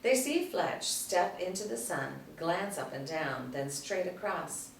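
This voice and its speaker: A woman reads screenplay action lines in a steady, plain way, her voice very low for a woman. She sounds distant in a roomy space, with a faint hum beneath. The reading stays even throughout. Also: measured pace. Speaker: narrator reading stage directions. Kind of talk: screenplay table read narration.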